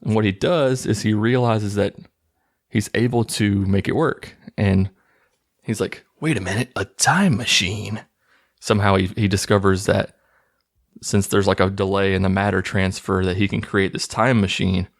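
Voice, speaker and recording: A man's voice: on the low side, flat delivery, normal speed, creaky. A man casually recapping a movie plot in a mocking, incredulous tone.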